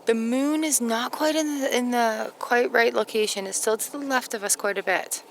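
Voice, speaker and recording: A woman's voice: a little high, normal speed, vocal fry, a little hiss or hum. A woman hosting her channel, filming outdoors at night and gushing in awe, at times dropping to a whisper. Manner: gushing, awestruck, drops to whispers. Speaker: tarot channel host. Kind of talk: excited outdoor vlog.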